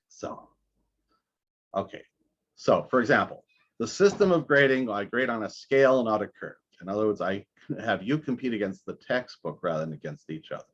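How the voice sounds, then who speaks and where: A man teaching a math class over a recorded video call, talking in a halting way with many restarts. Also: fairly low pitch, dull audio. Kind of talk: recorded online class lecture.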